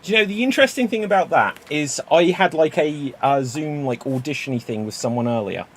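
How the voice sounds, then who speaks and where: A man's voice: a little high, expressive, fairly quick, a little hiss or hum. A man hosting a live-streamed improv comedy show, playful and jokey, talking into a webcam mic on a video call. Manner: upbeat, playful, jokey banter.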